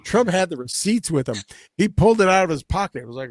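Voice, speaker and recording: A man's voice: fairly high pitch, big pitch swings, quick pace, no room sound, studio quality. A man in casual political chat who rambles, restarts often, and retells scenes in quoted voices. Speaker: panelist.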